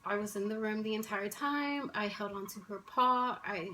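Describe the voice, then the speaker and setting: A woman vlogger, tearful and emotional, speaking softly and haltingly in casual chat at home. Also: medium pitch, slight background noise, rough recording. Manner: soft-spoken, halting, with restarts and sighs.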